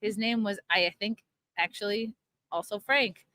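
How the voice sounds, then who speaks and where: A woman's voice: medium pitch, fairly even intonation, unhurried, bright, forceful tone, dry recording. A woman casually chatting and telling crude stories with lots of laughter. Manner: crude storytelling, laughs often. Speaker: livestream co-host. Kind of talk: casual chat. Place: outdoors by a pool.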